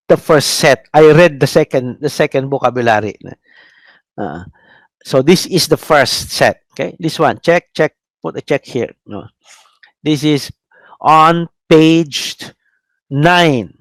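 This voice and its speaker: In a dry recording, a priest with a Filipino accent and a slightly high voice gives a classroom lecture on biblical Hebrew. He hesitates often with "uh" fillers and restarts, drills pronunciation, and adds "no?" to his sentences.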